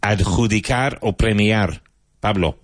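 Deep voiced teacher guy drilling vocab, very dry close sound, quick and encouraging. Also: no room sound. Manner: brisk, encouraging drill patter. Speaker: English teacher.

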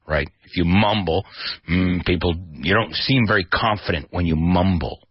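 A man hosting a radio English lesson as DJ and teacher, animated and demonstrative, spelling out words and acting out their meanings. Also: deep voice, normal speed, slightly rough, no echo, dull audio. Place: radio studio.

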